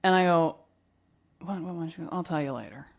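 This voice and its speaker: Brief: lower-pitched woman, salty podcast co-host, lively storyteller who swears freely. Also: a little fast, vocal fry. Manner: swears freely, animated storytelling with acted quotes. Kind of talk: raunchy casual chat. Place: studio.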